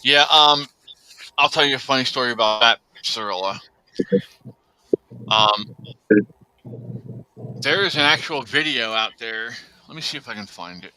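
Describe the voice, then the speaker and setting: A man's voice: mid-range voice, a little slow, pauses often, pushed and bright, clear, resonant tone, rough recording. A man hosting a casual podcast chat, rambling with lots of fillers and speaking bluntly. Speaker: podcast host.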